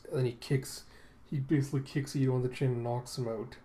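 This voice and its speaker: A man hosting a casual comic read-through, relaxed and rambling with many fillers. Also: mid-range voice, fast, a little hiss or hum. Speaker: manga read-through host.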